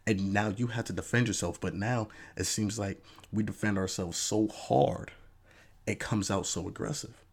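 Guy with a lowish voice doing a chatty podcast rant, animated, keeps saying you know. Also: normal speed, vocal fry, breathy edge. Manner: animated, acts out fans' voices in a raised pitch; conversational, many "you know" asides. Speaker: podcast host. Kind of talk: casual commentary monologue.

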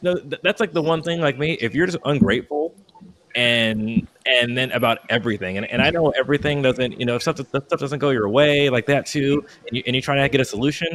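This is a man in his thirties talking casually on a podcast, his mid-range voice fairly bright in tone. He winds through a long anecdote, stumbling over fillers and restarts and replaying his own earlier words with heat.

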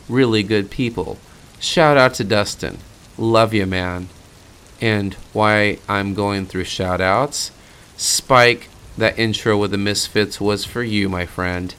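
A man's voice: fairly low pitch, a bit bright, a little hiss or hum. A man hosting a true-crime podcast in a casual, blunt and sarcastic way, swearing freely. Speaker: podcast host.

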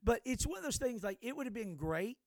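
A man's voice: very high-pitched, very animated, a little fast, darkish tone, dry recording, studio quality. An older man co-hosting a podcast, telling stories in a rambling, profane way with many restarts. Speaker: podcast co-host. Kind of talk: casual chat.

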